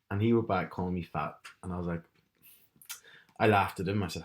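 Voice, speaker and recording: A man's voice: low-pitched, fairly quick, pauses often. A man with a Northern Irish accent, co-hosting a podcast and recounting stories in a wry, casual way. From Northern Ireland. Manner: wry, laughs at his own stories. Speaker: podcast co-host. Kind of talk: casual chat.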